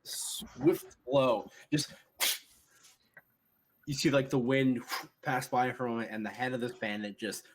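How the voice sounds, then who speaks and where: A man narrating a tabletop game as game master, animated and laughing often as he describes the action. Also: mid-range voice, measured pace.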